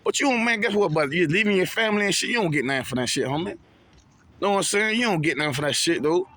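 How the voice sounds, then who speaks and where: Young guy, preachy, lotta slang, kinda high voice. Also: lively intonation, quick pace, bright, forceful tone, no room sound. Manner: preachy, repetitive, heavy slang and swearing. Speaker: vlogger giving prison testimony. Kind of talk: street talk monologue to camera.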